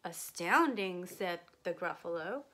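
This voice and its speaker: A woman voicing the Gruffalo, a big gullible male monster, dropping her voice low and speaking slowly. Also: lively intonation, fairly bright tone, exaggerated voice.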